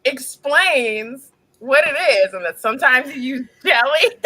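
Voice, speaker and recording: A woman in her forties in casual chat, blunt, profane and quick to laugh. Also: sits high, expressive, pushed and bright, low-quality recording. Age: 40s.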